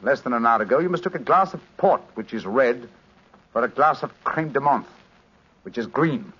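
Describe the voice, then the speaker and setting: A coolly brilliant detective in an old radio drama. His slightly husky voice moves lively up and down as he explains every step precisely. The 1940s recording is muffled. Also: medium pitch, moderate pace. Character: calm brilliant male detective, coolly triumphant.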